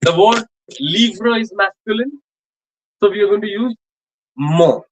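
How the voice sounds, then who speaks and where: A man's voice: sits high, dull audio. Man teaching French in a classroom. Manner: repetitive, many fillers and restarts, slow spelled-out examples. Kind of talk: classroom lecture. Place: college classroom.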